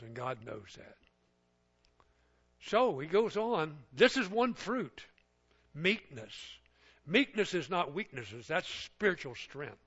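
Bright-voiced preacher. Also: male voice, on the high side, lo-fi sound. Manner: animated preacher acting out little scenes with voices. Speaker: pastor. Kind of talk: sermon.

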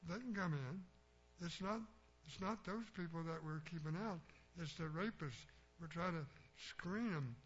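A man's voice: a little high, unhurried, a bit bright, slightly rough. Older man, plainspoken preacher telling homespun anecdotes; muffled lo-fi sound. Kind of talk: folksy storytelling sermon. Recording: dull lo-fi recording with faint hum.

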